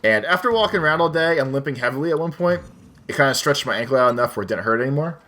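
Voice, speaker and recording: A man's voice: mid-range voice, expressive, racing, pushed and bright. A young man, a let's play commentator, casually telling a rambling, self-deprecating story over gameplay.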